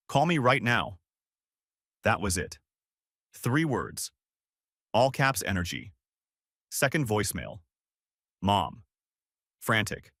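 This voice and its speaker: A young adult man reading a story in a flat, measured, numb tone. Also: fairly low pitch, no room sound, studio quality. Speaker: narrator. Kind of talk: scripted story narration.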